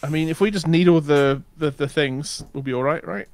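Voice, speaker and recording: A man co-playing on a game stream, talking in a calm, matter-of-fact way and explaining things plainly. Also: a little high, brisk, no echo. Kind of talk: casual chat while gaming.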